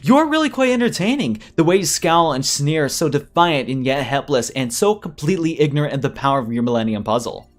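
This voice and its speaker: A smug, wealthy villain duelist mocks his young rival in a slow, theatrical voice, as a man puts him on. The pitch rises and falls in a lively way. He sounds like a game villain. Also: lightly acted. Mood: taunting. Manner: theatrical, mocking, drawn-out.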